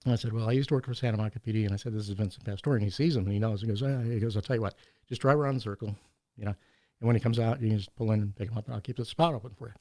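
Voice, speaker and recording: Fast-talking man telling stories. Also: fairly low pitch, no room sound. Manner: animated anecdote-telling with laughs and quoted voices. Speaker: podcast guest. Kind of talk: casual storytelling.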